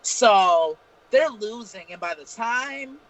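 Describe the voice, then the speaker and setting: A man's voice: very high voice, animated, slow pace, fairly bright tone, lo-fi sound. A man co-hosting a casual live-streamed talk show, telling profane, rambling stories. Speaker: podcast co-host. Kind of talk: casual storytelling chat.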